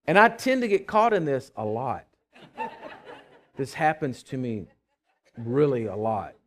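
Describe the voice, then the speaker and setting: A male pastor preaching a sermon, telling stories with emphasis, swinging from loud declarations to quiet asides and often restarting his words. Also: mid-range voice, big pitch swings, measured pace. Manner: frequent stammered restarts.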